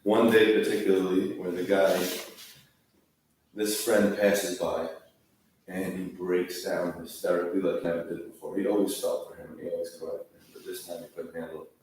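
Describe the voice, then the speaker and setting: A man's voice: deep voice, little pitch movement, moderate pace, darkish tone, slight background noise. A man telling a story in a sermon at a Tisha B'Av gathering, in a casual, repetitive way. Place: large hall, sitting on the floor. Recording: echoey hall from far off.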